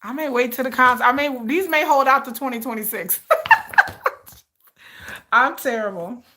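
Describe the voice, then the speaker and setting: A woman hosting a casual unboxing livestream, excitable and chatty, talking straight to her viewers and repeating herself. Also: sits high, moderate pace, a little hiss or hum. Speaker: livestream reaction host.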